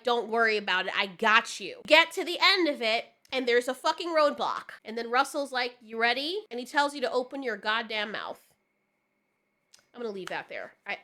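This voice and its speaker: A woman's voice: sits high, pushed and bright. A woman ranting in a profane, exasperated reaction commentary, often sputtering and laughing as she reviews a TV finale. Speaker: video reviewer.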